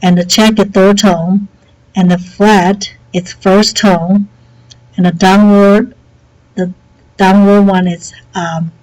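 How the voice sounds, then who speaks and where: A woman teacher with a headset mic walks students through software setup in a relaxed, chatty way, saying okay often. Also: mid-range voice, takes it slowly, low-quality recording. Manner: relaxed and chatty, many okays and fillers. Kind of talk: screen-recorded software tutorial.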